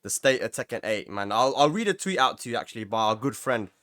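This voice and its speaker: A man's voice: mid-range voice, expressive, fast, fairly bright tone. A man hosting a casual online podcast, teasing and laughing, often repeating his words. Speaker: podcast host.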